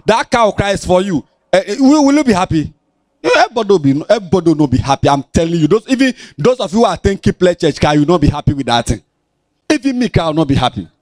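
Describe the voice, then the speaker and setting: A man with a Ghanaian accent preaching a lively Bible lesson to children, animated and sing-song, teasing his listeners as he talks. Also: sits high, fast, no echo.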